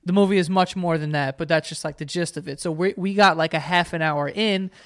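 A man's voice: a little high, fairly even intonation, a little fast, no room sound, clean studio sound. A young man, co-hosting a casual podcast and telling a rambling story with frequent laughter. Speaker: podcast co-host.

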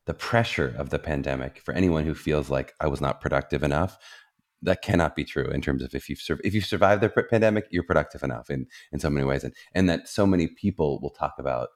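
A man hosts a podcast with an extremely low, deep voice. He muses at length and encourages his guest, often pausing on "um" and "you know". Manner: warmly encouraging, musing, lots of fillers. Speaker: podcast host. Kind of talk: casual podcast interview.

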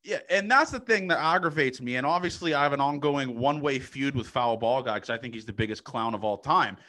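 A man hosting a casual podcast, asking rambling questions full of fillers with lively energy. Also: medium pitch, brisk. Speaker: podcast host.

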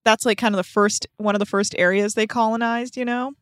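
A woman's voice: on the high side, steady tone, no echo, clean studio sound. A woman producing a podcast, chatting casually and laughing at herself. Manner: chatty, self-deprecating, quick to laugh.

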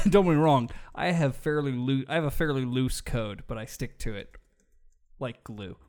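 A man's voice: medium pitch, normal speed, a little mellow. A man co-hosting a casual podcast, joking around, swearing, and laughing often. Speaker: podcast co-host. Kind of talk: casual drinking podcast banter.

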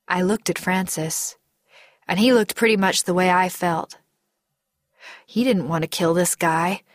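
Woman reading a story, slow and steady, dry close mic. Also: fairly low pitch, dry recording. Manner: measured, deliberate storytelling. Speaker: audiobook narrator. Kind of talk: scripted first-person narration.

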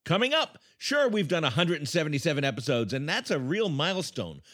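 A man's voice: on the high side, very animated, brisk, a bit bright. A man co-hosting a comedy podcast, wry and bemused. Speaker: podcast co-host.

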